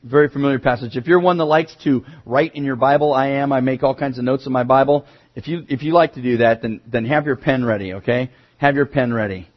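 A male pastor preaching a sermon, moving from quiet asides to emphatic raised declarations. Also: mid-range voice, fast, dull audio.

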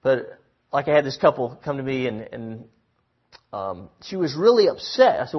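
Man, pastor, relaxed sermon, husky voice, dull lo-fi recording. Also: mid-range voice, normal speed. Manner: conversational with many fillers and restarts.

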